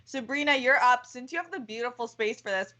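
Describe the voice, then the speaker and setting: A woman's voice: on the high side, fairly quick, sharp tone. A young woman hosting a live stream, upbeat and casual, swearing and reading out donations. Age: young adult. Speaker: host.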